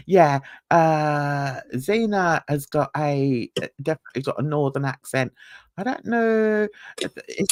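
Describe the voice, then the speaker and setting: Older woman host, chatty and unhurried, slightly low voice, dry close sound, rambling with laughs. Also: no echo. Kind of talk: casual livestream chat.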